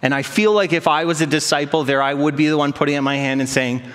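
A man in his thirties, a pastor, preaching a sermon with self-deprecating stories and animated quoted voices. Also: a little high, quick pace. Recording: long hall reverb.

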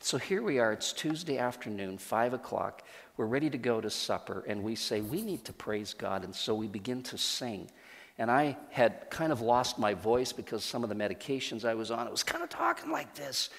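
A man's voice: mid-range voice, normal speed. Earnest man testifying in a hall. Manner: earnest storytelling with many restarts. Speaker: church leader. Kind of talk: testimony sermon. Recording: long hall reverb.

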